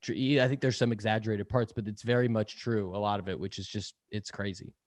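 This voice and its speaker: A man's voice: on the low side, fairly even intonation, brisk, dry recording. A young man speaking as a podcast guest in casual interview chat, rambling with lots of fillers, laughing often and swearing casually. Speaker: podcast guest, sales podcast host.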